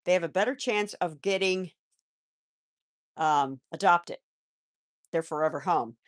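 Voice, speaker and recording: A woman hosting a live stream about her pet rabbits, chatting casually and talking softly to the animals. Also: on the low side, a little slow. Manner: chatty, rambling, with restarts; soft baby-talk to pets, often away from the mic. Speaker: pet channel host.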